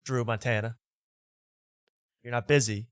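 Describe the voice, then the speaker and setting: A man's voice: mid-range voice, fairly even intonation, unhurried, no echo, studio quality. A male talk show host giving casual comedic commentary in a sarcastic, riffing way. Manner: sarcastic, riffing, mock voices.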